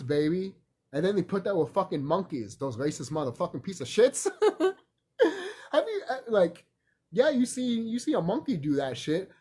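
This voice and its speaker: A man's voice: high voice, mellow, slightly rough. A man talking in a casual, rambling vlog monologue, emphatic and profane, repeating himself and laughing often. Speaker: vlogger.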